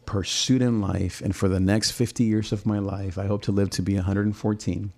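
A man's voice: fairly low pitch, little pitch movement, fairly quick, vocal fry, dark tone. A middle-aged man from Southern California, a pastor, talking earnestly about his drive, repeating words as he builds intensity. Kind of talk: personal reflection talk.

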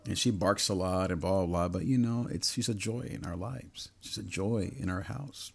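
A man's voice: low voice, normal speed, gravelly, breathy edge. A middle-aged man preaching a personal sermon, earnest and repetitive, stacking phrases into building lists.

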